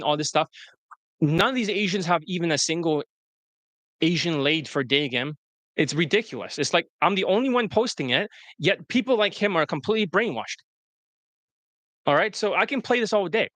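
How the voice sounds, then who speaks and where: A man's voice: sits high, expressive, brisk, fairly bright tone, dry recording. A man hosting a livestream as a dating coach, talking in a blunt, profane, scornful way. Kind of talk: casual livestream commentary.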